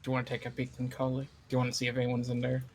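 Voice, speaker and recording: A man playing in a tabletop game, talking in a rambling, excitable way and swearing casually. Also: mid-range voice, racing, noisy background. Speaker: player. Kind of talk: tabletop role-play chat.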